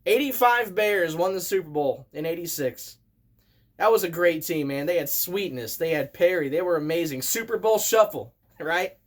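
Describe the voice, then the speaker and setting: A man in his thirties, a vlogger telling a story in an excitable, animated way as a casual rant. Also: on the high side, moderate pace. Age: 30s.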